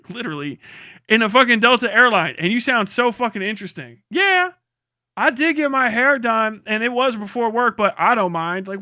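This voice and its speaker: A male streamer riffing through a foul-mouthed, rambling comic rant. His voice sits very high and sounds bright and forceful. The recording is close and dry. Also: no echo. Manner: profane, rambling, animated. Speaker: live streamer. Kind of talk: comedic rant.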